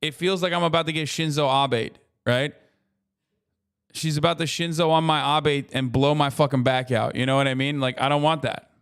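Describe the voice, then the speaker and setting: A man's voice: on the high side, normal speed, clear, resonant tone. A man in his thirties chatting casually on a live stream, rambling and swearing freely as he reacts to a video. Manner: profane, rambling, animated asides.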